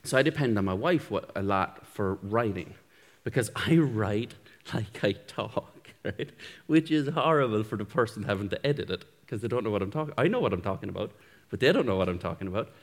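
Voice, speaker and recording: A man's voice: lowish voice, animated, fairly quick. A male pastor giving a sermon in a conversational, self-deprecating way, often chuckling. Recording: echoey hall reverb.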